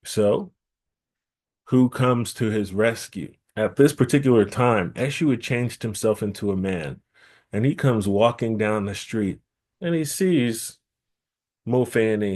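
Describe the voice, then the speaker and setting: Low-voiced male storyteller, repeating for emphasis. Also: a little slow. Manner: lively, repeats key phrases for emphasis. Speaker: storyteller at a temple gathering. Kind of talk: oral storytelling.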